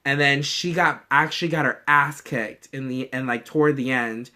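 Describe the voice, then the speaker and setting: Gushing, bright-voiced young man. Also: medium pitch, moderate pace. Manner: gushing, expressive, swears freely, acts out quoted voices. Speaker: vlogger reacting to a movie trailer. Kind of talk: casual chat.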